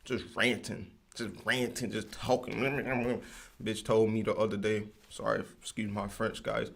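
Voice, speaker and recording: Man, young adult, low-pitched, gravelly, casual podcast rambling, slangy. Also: little pitch movement, measured pace, a bit bright. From United States. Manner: loose, slangy, rambling, digresses often. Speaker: podcast host. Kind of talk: casual solo ranting.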